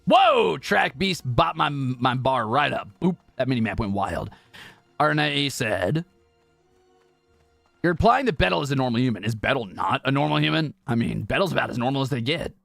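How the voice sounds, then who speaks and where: Bright, lively young man streaming. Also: medium pitch, moderate pace, vocal fry, no echo, faint music behind. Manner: playful, joking, drifts into mumbling while typing. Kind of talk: casual gaming livestream chat. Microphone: close streaming mic.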